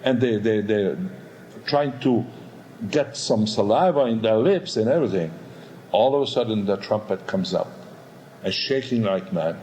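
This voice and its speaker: A man, an opera baritone, telling a candid backstage story in a rambling, animated way, acting out voices and sounds. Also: normal speed, slight background noise, rough recording. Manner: animated, acts out quotes and sounds; rambling with many restarts and "all of a sudden". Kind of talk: candid spoken anecdote.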